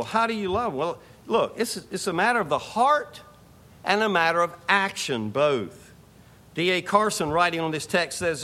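A man's voice: sits high, sharp tone. A man preaching a sermon to his congregation in a conversational way, asking rhetorical questions and repeating phrases for emphasis. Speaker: pastor. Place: church sanctuary.

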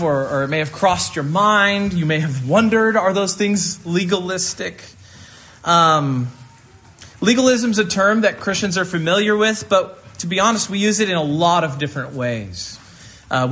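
A male pastor delivers a sermon in an earnest, conversational way, with a slightly higher pitch. He talks through his points with casual fillers. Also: fairly bright tone.

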